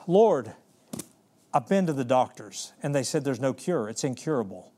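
A man's voice: medium pitch, lively intonation, normal speed, dark tone, close to an everyday voice. A man preaching who voices a desperate male leper pleading earnestly for help.

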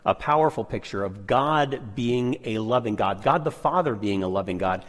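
Male co-host of a sermon, middle pitch, steady affirming delivery, hall echo. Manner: affirming, reads scripture deliberately. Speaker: co-presenter of a Bible lesson. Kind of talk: sermon-style Bible study.

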